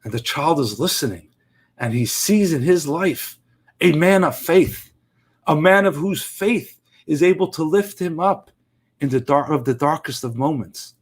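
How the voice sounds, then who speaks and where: A man telling an inspirational story in an earnest, emphatic, measured way. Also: a little high, lively intonation, husky. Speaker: inspirational speaker.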